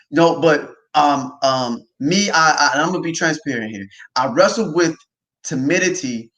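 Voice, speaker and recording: A man hosting a casual faith talk livestream, animated and often laughing, tagging lines with "right?". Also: on the high side, lo-fi sound. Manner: animated, quick to laugh, repeats himself, says "right?" often. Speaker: podcast host.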